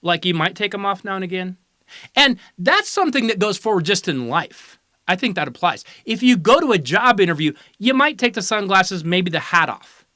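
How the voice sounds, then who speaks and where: A sports commentary host with a bright, forward voice that swings freely up and down in pitch. The delivery is sarcastic and teasing, lecturing the listener on a team's behavior. The sound is dry and close, with no room around it. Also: very animated, normal speed, dry recording. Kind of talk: opinionated college football commentary.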